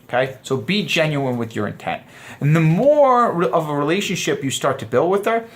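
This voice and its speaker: A man's voice: fairly high pitch, very animated, moderate pace. A man teaching a dating course in a loose, conversational way, often acting out sample lines. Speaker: dating coach. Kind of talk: casual course lecture.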